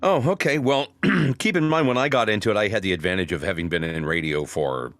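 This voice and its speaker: Snarky storytelling man, low voice. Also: fairly quick, dry recording. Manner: storytelling, animated. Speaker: voice actor guest. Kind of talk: casual interview chat.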